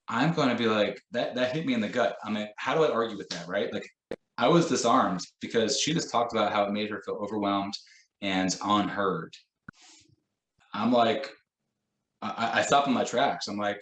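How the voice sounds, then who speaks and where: A man's voice: fairly low pitch, brisk, fairly bright tone, roomy sound, rough recording. A man training teachers in a conversational way, illustrating points with examples and quoted phrases. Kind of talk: professional development lesson.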